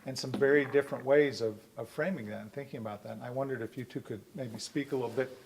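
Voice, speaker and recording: A man moderating a university panel, asking a question in a halting, hesitant way. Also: mid-range voice, fairly even intonation, gravelly. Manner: hesitant, halting, self-interrupting.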